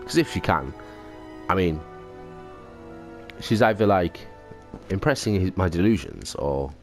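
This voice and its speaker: A man's voice: low voice, animated, a little slow. A man doing casual, sarcastic commentary over a video game he is playing, swearing freely. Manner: sweary, sarcastic, jokey asides. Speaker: let's play gamer. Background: game music.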